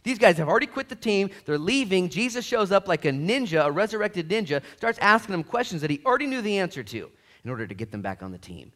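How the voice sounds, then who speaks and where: A pastor preaches in a lively, sing-song voice that climbs high and drops low. He talks in casual slang and swings from loud, energetic bursts to quiet, earnest stretches. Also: fast. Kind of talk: sermon.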